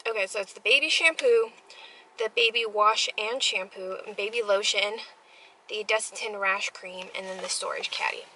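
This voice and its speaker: A woman's voice: mid-range voice, moderate pace, pushed and bright, slight background noise, poor audio. A young woman telling a heartfelt story in a casual family vlog, rambling with many fillers. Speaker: family vlogger.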